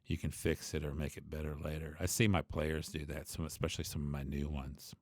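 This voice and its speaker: A man who teaches bass, talking through his ideas in a loose, reflective way, with many asides and restarts. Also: flat delivery, brisk, darkish tone, dry recording. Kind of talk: conversational teaching monologue.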